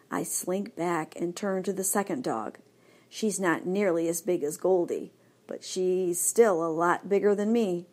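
A woman narrating a children's story in first person, lively and expressive. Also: lowish voice, measured pace. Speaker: audiobook narrator.

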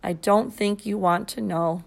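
A woman's voice: mid-range voice, fairly even intonation, unhurried, vocal fry. A woman voicing a sad, whispery little boy. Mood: downcast. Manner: soft, weak, whispery. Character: sad, quiet young boy. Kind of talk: audiobook character voice.

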